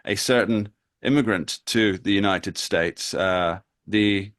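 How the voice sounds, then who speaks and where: Man, political talk host, measured, wry, lowish voice. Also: a bit bright. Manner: measured, wry, pauses to rephrase. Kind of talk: political discussion.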